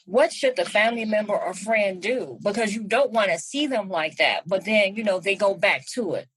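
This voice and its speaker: Husky-voiced woman podcast host. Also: mid-range voice, moderate pace, a bit bright, no echo, low-quality recording. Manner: encouraging, frequent affirming murmurs. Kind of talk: interview questions and affirming responses.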